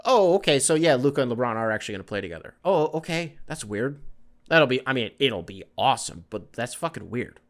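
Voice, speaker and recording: A man hosting a solo sports podcast, ranting in an animated, exasperated way and swearing freely. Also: medium pitch, fast. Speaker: podcast host.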